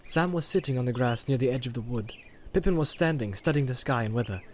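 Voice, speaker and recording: A man narrating a fantasy story aloud in a steady, measured way. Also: mid-range voice, a little hiss or hum. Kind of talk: audiobook reading.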